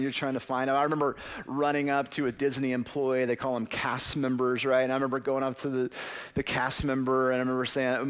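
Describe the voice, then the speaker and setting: A man in his thirties preaching a sermon as a pastor, telling stories in a conversational way with frequent "right?" asides. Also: medium pitch.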